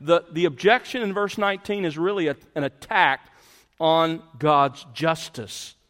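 A man preaching a sermon as pastor, deliberate and emphatic, pressing his points with pointed questions. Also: a little high, a bit bright. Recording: long reverb of a large hall.

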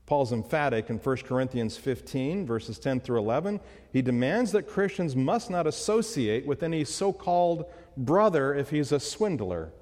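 A man's voice: fairly high pitch, big pitch swings, moderate pace, darkish tone. A man preaching a sermon as a pastor, emphatic and full of rhetorical questions, in a church sanctuary. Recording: long hall reverb.

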